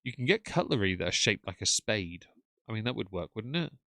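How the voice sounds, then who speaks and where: Man, low voice, dry close mic, casual stream commentary, thanks chat. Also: big pitch swings, fairly quick, pushed and bright, no echo. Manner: chatty, reads out and thanks chat messages. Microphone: desk mic with headphones.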